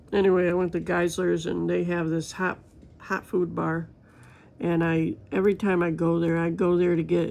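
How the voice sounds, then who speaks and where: Gravelly-voiced woman chatting casually. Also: fairly low pitch, darkish tone. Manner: rambling, chatty, talks straight to viewers. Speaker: crafting vlogger. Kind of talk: casual chat while diamond painting.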